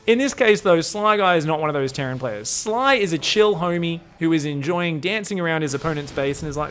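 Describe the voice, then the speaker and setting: Slightly high-voiced, rambling, profane male caster. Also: animated, brisk, hardly any pauses, fairly bright tone, faint music behind. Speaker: game streamer and caster. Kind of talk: casual game commentary.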